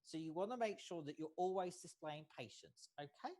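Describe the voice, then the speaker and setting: A facilitator gives an online training lecture over a video call. The pace is measured, and nearly every point ends with a checking "okay?". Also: medium pitch, expressive, dark tone. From United States. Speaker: workshop facilitator.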